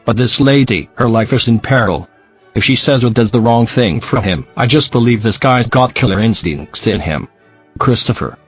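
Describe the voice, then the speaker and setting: A man reading a true-crime podcast transcript aloud, speaker names and spelled-out letters included, in a flat, even delivery. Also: mid-range voice, dull audio.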